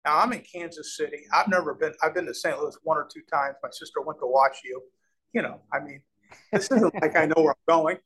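Fairly quick and fairly high-pitched, the voice belongs to a real estate developer in his sixties from Omaha. As a guest in an interview, he tells a long business story, acting out the quoted exchanges with animation, on a low-quality recording.

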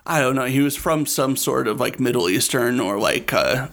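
A man's voice: mid-range voice, lively intonation, normal speed, creaky, a bit bright. Easygoing young man telling stories. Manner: easygoing storyteller, frequent "dude" and "like". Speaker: podcast host. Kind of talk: casual chat.

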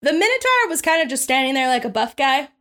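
A woman narrating as game master of a tabletop role-playing game, lively and laughing often. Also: sits high, fast talker.

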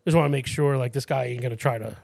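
Talking very fast in a gravelly voice, a male podcast co-host tells a story in casual chat, swearing casually and restarting many times. He animatedly impersonates the people he quotes with a higher voice. There's no room sound.

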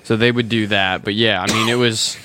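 A man's voice: fairly low pitch, fairly even intonation, brisk, pushed and bright, slight background noise. A man in casual podcast chat, telling stories full of swearing, his voice jumping up whenever he quotes someone. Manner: profane storyteller, voice jumps up when quoting people. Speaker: podcast co-host.

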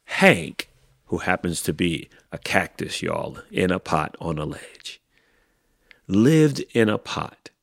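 A man with a deep, gravelly, husky voice reads a children's book aloud at an unhurried pace. His pitch swings widely as he tells the story. The recording is dry and close. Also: no echo. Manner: slow, expressive storytelling. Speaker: podcast host.

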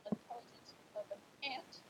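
A woman's voice: brisk, a bit bright, low-quality recording. A young woman venting in casual chat, her talk full of "like". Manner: venting, heavy use of "like".

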